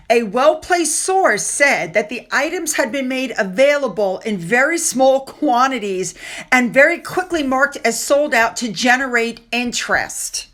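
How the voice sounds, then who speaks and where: A woman's voice: sits high, fairly bright tone. A woman from the United States giving casual, opinionated commentary on royal gossip, sarcastic and blunt.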